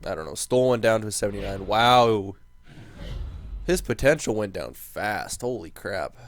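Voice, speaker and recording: A young man giving casual commentary while playing a hockey management game, thinking aloud and quickly swinging into exasperated rants. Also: lowish voice, expressive. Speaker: gaming commentator.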